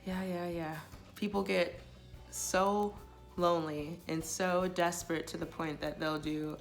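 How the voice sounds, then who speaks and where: A woman talks straight to the camera about relationships in a loose, chatty way, with plenty of filler words. Her voice sits low and has a gravelly fry. Faint music plays behind her. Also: steady tone, measured pace. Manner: chatty, many filler likes, quotes others in passing. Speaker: vlogger giving relationship advice. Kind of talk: casual talking-to-camera advice.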